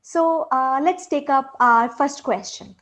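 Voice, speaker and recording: Patient female English teacher with a fairly high voice and an unhurried delivery, demonstrating tones. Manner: patient, repeats example sentences with exaggerated rising and falling tones. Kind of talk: micro-lesson on intonation.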